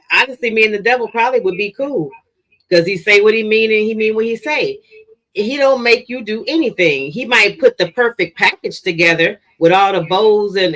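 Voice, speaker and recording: A guest on a live stream talks casually and rambles, often breaking off to restart a sentence. The voice is mid-pitched. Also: a bit bright. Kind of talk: casual talk.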